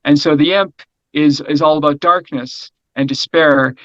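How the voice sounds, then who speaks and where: A middle-aged man being interviewed, talking energetically in a loose, rambling way and checking in with "right?" as he goes. His voice sits a little high for a man. The sound is dry and a bit dull, as if the recording has lost its brightness. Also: moderate pace, no room sound. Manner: energetic, rambling, repeats words, frequent "right?". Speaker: interview guest. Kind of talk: casual conversational interview.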